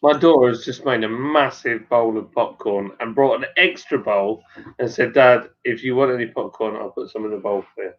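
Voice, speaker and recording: A mid-pitched man from Sussex chats in an easygoing, joking way. His voice comes through a somewhat dull, lo-fi video call line. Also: moderate pace. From Sussex, England. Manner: relaxed, joking. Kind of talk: casual beer chat.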